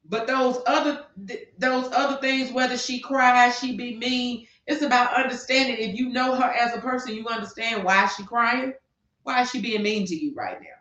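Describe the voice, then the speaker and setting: On a podcast, a woman co-host delivers heated opinion talk, ranting with passion and firing rhetorical questions. Her voice sits fairly high and is a bit bright, with fairly even intonation and a normal speed. The sound is lo-fi, dull, echoey, and distant.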